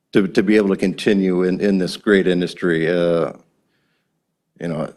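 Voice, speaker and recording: A man's voice: deep voice, fairly even intonation, moderate pace, a little mellow. A man from Wisconsin, a timber company president, giving earnest remarks at a county board meeting, often restarting and repeating words. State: a little emotional.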